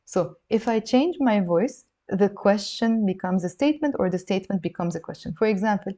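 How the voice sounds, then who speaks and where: A woman teaching a spoken language lesson, explaining patiently and repeating phrases slowly for learners to echo. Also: medium pitch, animated, mellow.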